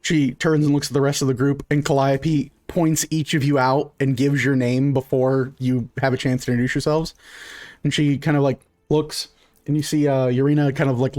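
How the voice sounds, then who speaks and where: A man's voice: mid-range voice, darkish tone. A man narrating a tabletop role-playing game as game master, in a casual, rambling way.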